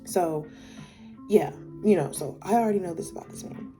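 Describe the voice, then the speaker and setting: A woman's voice: lowish voice, expressive, normal speed, over music. A young woman telling a personal story in a casual storytime, rambling with lots of fillers and swearing, her voice climbing when she gets worked up.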